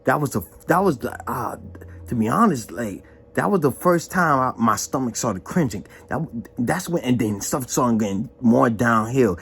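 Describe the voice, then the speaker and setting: A man's voice: normal speed, vocal fry. A young man giving a casual, emphatic spoken testimony, slangy and full of repetition. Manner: animated and emphatic, repeats himself, slangy; drops low and quiet when reflecting. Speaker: vlogger giving a church testimony.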